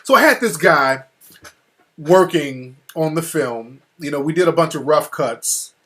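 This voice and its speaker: A man with a husky, slightly high voice tells a story in loose, casual talk. He swears freely and grows heated and animated as he goes. The call audio drops out now and then. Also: unhurried. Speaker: interview guest. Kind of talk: casual phone-style conversation.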